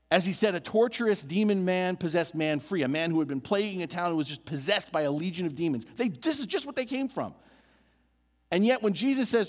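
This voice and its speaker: Animated male preacher in a reverberant hall. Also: high voice. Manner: animated, building emphasis with repeated phrases. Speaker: pastor. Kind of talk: sermon.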